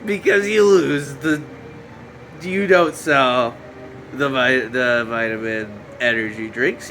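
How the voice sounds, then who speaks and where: A man's voice: medium pitch, takes it slowly, low-quality recording. A man hosting a solo podcast, rambling and joking at himself, with a fan running in the room. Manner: goofy, joking, self-mocking, breaks into shouty bits. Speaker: podcast host. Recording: faint fan hum behind.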